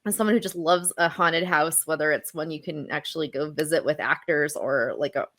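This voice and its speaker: A woman's voice: low voice, brisk, fairly bright tone. Chatty woman co-hosting a film podcast. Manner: chatty, lots of fillers and restarts. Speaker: podcast co-host. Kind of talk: casual chat.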